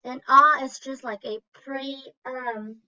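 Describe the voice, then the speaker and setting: A woman's voice: high voice, steady tone, sharp tone. A woman teacher giving a lesson, reading aloud and carefully sounding out syllables and vowel sounds. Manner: slow, deliberate, sounding out words. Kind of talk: online phonics lesson. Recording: dull lo-fi recording.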